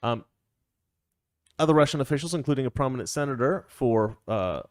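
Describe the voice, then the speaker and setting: A man's voice: mid-range voice, expressive, brisk, darkish tone, dry recording, clean studio sound. A man hosting a casual political commentary show, opinionated and rambling, chuckling often as he talks. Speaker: show host.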